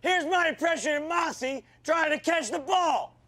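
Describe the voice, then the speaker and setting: An actor playing a foul-mouthed, abusive male football coach who shouts and berates his team in a comedic rant. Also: very high-pitched, animated, measured pace, vocal fry, heavily acted. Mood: yelling, berating.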